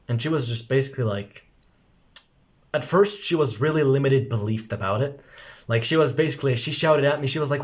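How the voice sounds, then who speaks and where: A young man at a middle pitch delivers a loose coaching monologue to camera. He rambles, packs his sentences with filler words and swears offhandedly, calling the listener "bro". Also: fairly quick. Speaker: self-improvement coach.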